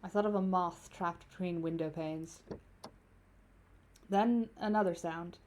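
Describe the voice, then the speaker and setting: Reading a story game's narration for her stream, this young adult woman speaks a little slowly in a steady, darkish, lowish voice. Between passages she chats casually with her viewers and swears without hesitation.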